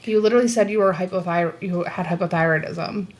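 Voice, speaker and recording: A woman's voice: on the low side, fast talker. A young woman co-hosting a casual podcast, reading comments aloud and giving blunt opinions with free swearing. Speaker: podcast co-host.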